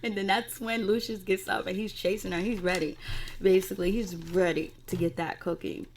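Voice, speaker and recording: A woman's voice: mid-range voice, fairly even intonation, normal speed, a little hiss or hum. A woman casually recapping a TV episode in a rambling, profane way with lots of fillers. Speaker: TV recap reviewer.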